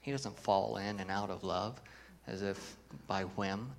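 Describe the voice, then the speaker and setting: A man's voice: on the low side, unhurried, creaky, a little hiss or hum. A man preaching a sermon as pastor, earnest, reading scripture with emphasis and putting questions to the congregation.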